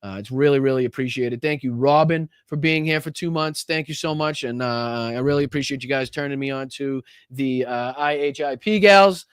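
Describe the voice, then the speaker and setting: A male political livestream host with a Boston accent, talking off the cuff, repeating himself and trailing into ums and uhs. His voice comes through smooth and clean, in a dry room with no echo. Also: mid-range voice, normal speed, few pauses. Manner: heated, repetitive, many fillers and restarts. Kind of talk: casual livestream commentary and viewer shout-outs.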